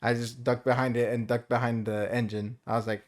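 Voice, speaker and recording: A man's voice: mid-range voice, level tone, a little fast. A man co-hosting a podcast in casual chat, laid-back, swearing freely and laughing often. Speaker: podcast co-host.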